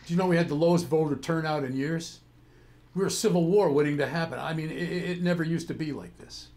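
A man's voice: a little high, fast, darkish tone, natural voice. A man playing a weary, cynical older senator and father, grumbling with sardonic exasperation in a stage play. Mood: defensive. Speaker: actor in a play.

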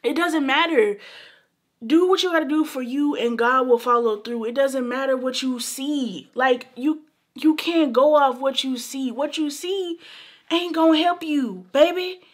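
A woman's voice: high voice, unhurried. A young woman talking earnestly to camera in a vlog, emphatic and repetitive, calling her viewers baby and y'all. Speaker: beauty vlogger. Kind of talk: casual heartfelt talk to camera.

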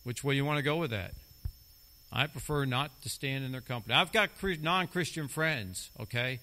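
A man's voice: mid-range voice, normal speed, sharp tone. A middle-aged man preaching a sermon as a lay preacher, talking emphatically and repeating key phrases for stress.

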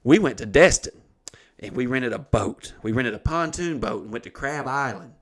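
A man hosting a podcast, telling a profane, animated story in casual comedic style. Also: mid-range voice, normal speed. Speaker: podcast host.

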